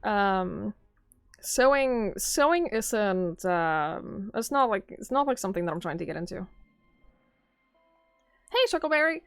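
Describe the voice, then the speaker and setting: A young woman from southern Norway livestreams, chatting casually with viewers in a rambling, easygoing way and laughing often. Her medium-pitched voice is sing-song and unhurried, with long pauses and a clean, echo-free tone. Faint music plays in the background.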